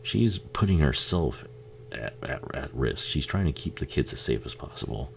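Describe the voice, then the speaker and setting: A man's voice: rumbling low, animated, normal speed, vocal fry, a bit bright, slight background noise. A man casually talking over a movie he is watching, swearing a lot, laughing often and joking at the screen. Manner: profane, laughing, jokey, talks back to the screen. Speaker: film commentary host.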